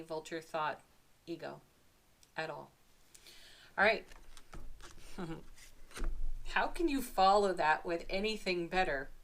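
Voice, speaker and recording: A woman doing a spiritual tarot reading to camera, gentle and enthusiastic, with soft laughs between cards. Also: fairly low pitch. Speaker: tarot card reader.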